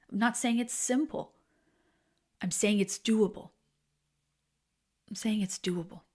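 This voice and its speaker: A woman in her forties, a podcast host, telling a frank personal story in a candid, animated way that drops to soft, hushed tones. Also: mid-range voice.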